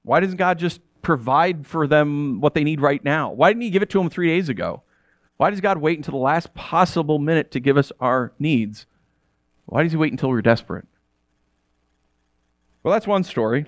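Animated man preaching a casual sermon. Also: fairly high pitch, normal speed, no room sound. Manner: conversational, animated storytelling with rhetorical questions. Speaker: pastor.

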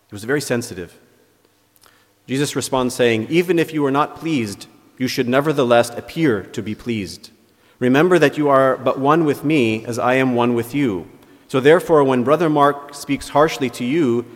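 Priest preaching in a reverberant church. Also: male voice, mid-range voice. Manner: reads quoted dialogues aloud with lifted, animated emphasis. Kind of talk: homily.

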